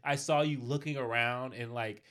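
A man with a mid-pitched voice in an easygoing chat. He laughs often and explains his point patiently. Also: steady tone, moderate pace, a bit bright, clear, resonant tone. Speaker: podcast co-host. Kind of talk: casual chat.

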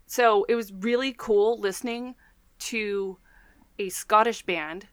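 A woman's voice: mid-range voice, takes it slowly, a bit bright, smooth, no echo. A woman co-hosting a podcast in casual chat, talking chattily and enthusiastically with lots of fillers. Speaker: podcast co-host.

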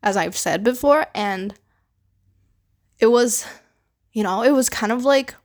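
A woman's voice: a little high, unhurried. A young woman from the Philippines talks through her own story on a podcast in a loose, rambling way. She leans on filler words constantly and drops casual swears as she goes. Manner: rambling, heavy use of fillers like "like" and "you know". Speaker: podcast host. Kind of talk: casual personal monologue.

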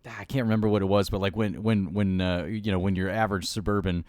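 A man's voice: sits low, fairly even intonation, fast talker, a little mellow, no echo. A man co-hosting a podcast in easygoing casual chat, often searching for words with fillers. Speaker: podcast co-host.

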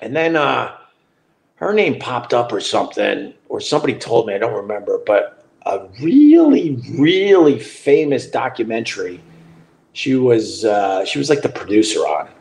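A man's voice: medium pitch, expressive, moderate pace, gravelly. A middle-aged man hosting a podcast, telling a story in a loose, profane way. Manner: loose and profane, with frequent restarts and laughter. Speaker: podcast host. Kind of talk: casual storytelling.

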